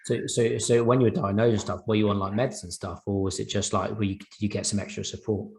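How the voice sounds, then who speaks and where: A man hosting a podcast, asking gentle, probing questions and often murmuring agreement. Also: fairly low pitch, level tone, fast, gravelly. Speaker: podcast host. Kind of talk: empathetic interviewing.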